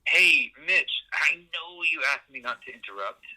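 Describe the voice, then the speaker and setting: Guy doing a nervy stammering helper, eager, super bright sharp tone. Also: medium pitch, animated, moderate pace, poor audio. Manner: hesitant, stammering, apologetic. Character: eager, fussy male assistant who fact-checks.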